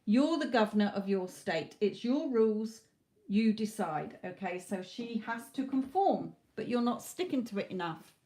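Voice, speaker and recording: A British woman reads tarot on a live stream. She talks in a blunt, motherly way and keeps checking in with "okay?" Her pitch sits in the middle of the range. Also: animated, normal speed, warm tone. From Britain. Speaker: psychic tarot reader. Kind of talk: live-stream reading, direct advice.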